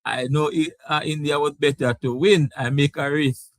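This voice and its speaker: A man's voice: a little high, steady tone, normal speed, no room sound. A man hosting a casual live sports talk stream. He laughs often and reads out viewer comments. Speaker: sports talk show host.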